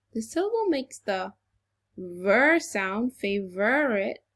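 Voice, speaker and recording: A woman teaches a children's phonics lesson in a slightly high voice. She speaks slowly and deliberately, with an encouraging, exaggerated classroom delivery.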